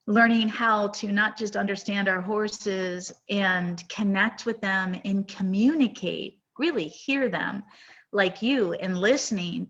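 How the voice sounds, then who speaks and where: A woman's voice: medium pitch, fairly bright tone, poor audio. Earnest woman host telling a story. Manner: emotional, earnest storytelling with many restarts. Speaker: podcast host. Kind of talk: storytelling on a live podcast.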